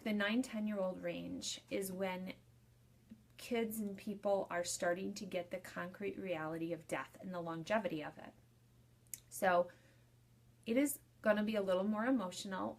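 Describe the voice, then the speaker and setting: A young woman, a funeral director and embalmer, giving casual, chatty advice in a live video talk and restating her points in loose lists. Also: on the low side.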